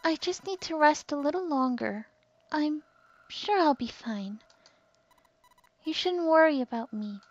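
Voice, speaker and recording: Woman doing a fragile young woman, high faint voice, dull dry sound. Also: expressive, a little slow, long pauses, no room sound. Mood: weak. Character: weak, fragile young woman, soft and breathless.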